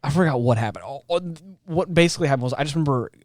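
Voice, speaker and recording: A man co-hosting a podcast, telling a story in a halting, rambling way. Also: medium pitch, animated, no echo, clean studio sound. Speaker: podcast co-host. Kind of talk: casual chat.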